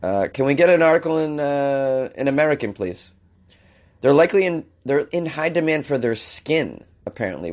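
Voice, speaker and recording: A man's voice: fairly low pitch, darkish tone. Ranting comedian man hosting a news podcast. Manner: exasperated, ranting. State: under the weather. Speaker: podcast host.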